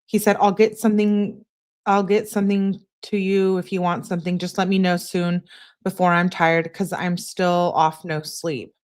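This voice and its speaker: A woman's voice: on the low side, level tone, normal speed, a little mellow. A woman hosting a true crime channel, reading text messages aloud in a plain way and spelling out abbreviations letter by letter.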